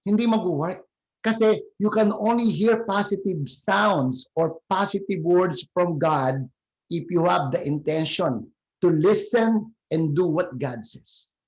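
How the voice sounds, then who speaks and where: A man's voice: high-pitched, measured pace. A man with a Filipino accent preaching a sermon, switching between Tagalog and English and addressing listeners as brothers and sisters. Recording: echoey, muffled lo-fi room.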